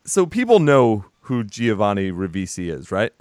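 A man's voice: lowish voice, sing-song, normal speed, a little mellow, dry recording, studio quality. A man hosting a movie podcast in casual chat, rambling and laughing, with some swearing. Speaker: podcast host.

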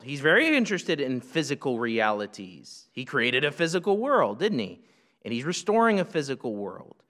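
A man's voice: mid-range voice, a bit bright. A man preaching a sermon, emphatic and full of rhetorical questions. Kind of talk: sermon teaching. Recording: long hall reverb.

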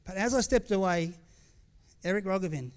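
High-voiced, candid pastor. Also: male voice, normal speed. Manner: candid, conversational, with frequent restarts and asides. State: tearful at times. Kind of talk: sermon.

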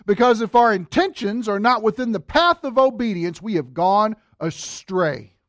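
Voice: medium pitch, lively intonation, moderate pace, fairly bright tone, dry recording. A Bible teacher giving a conversational lesson, breaking off for jokes and talking straight to the listeners. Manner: joking asides, addresses listeners directly.

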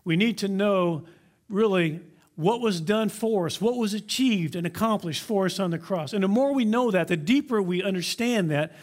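A man preaching a sermon as pastor, emphatic, slowing down to stress key words and using props to illustrate his point. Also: high-pitched.

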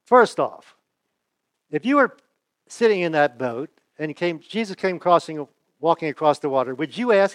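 A man preaching a sermon in a relaxed, conversational way, asking his listeners rhetorical questions. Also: a little high, a little slow, pauses often, dry recording. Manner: asks the audience rhetorical questions; folksy, chuckles and restarts. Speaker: pastor.

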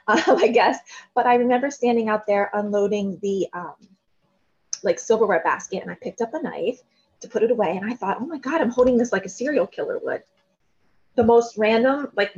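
A woman in her thirties, a guest telling a candid personal story in an interview, self-deprecating and animated when quoting others. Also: medium pitch, breathy edge. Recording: dull lo-fi sound.

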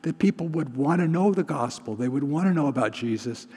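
A male pastor gives a relaxed, conversational sermon, frequently asking the congregation questions. His voice is slightly husky, a little high, and a little fast, with long reverb trailing his words as in a large hall.

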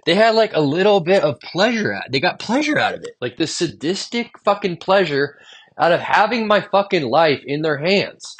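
Venting about his jobs, a young man on a solo podcast goes off in a rambling, profane, frustrated stream-of-consciousness monologue. His voice is fairly high and fairly bright in tone, slightly rough, with big pitch swings at a moderate pace.

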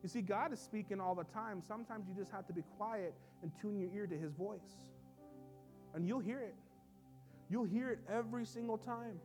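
A man preaching as a pastor, swinging between soft low asides and loud emphatic lines, in a church. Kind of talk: sermon. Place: church sanctuary.

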